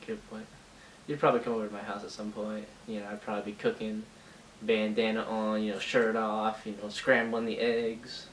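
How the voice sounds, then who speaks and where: A vlogger in his twenties, with a lowish, brisk voice and fairly even intonation, tells a casual storytime in a laid-back, teasing manner, full of fillers like "you know" and "uh". The mic is distant, giving a roomy sound with faint hiss.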